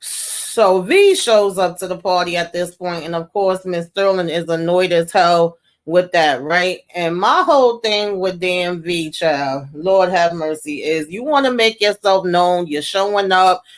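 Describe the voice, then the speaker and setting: A woman's voice: fairly low pitch, measured pace. Chatty woman recapping a TV episode. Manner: chatty, slangy, mild cursing, animated storytelling. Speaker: TV recap vlogger.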